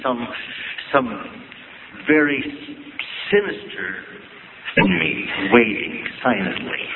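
An older man from Ohio telling reflective, wry stories about his youth, with gentle pauses and humor. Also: medium pitch. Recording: tinny phone-like audio with noise.

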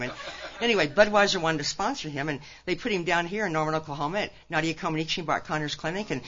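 An older Nebraska woman with a low, slightly bright voice speaks in rapid bursts, sharing a folksy personal testimony at a recovery conference. Her talk is full of stories and punchy asides to the crowd, captured on a dull lo-fi recording.

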